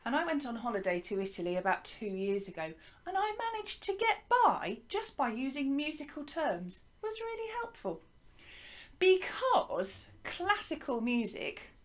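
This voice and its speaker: A woman teaching an online music lesson to children, lively and encouraging, leading call-and-response from a hut. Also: medium pitch. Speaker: primary school music teacher. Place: garden hut.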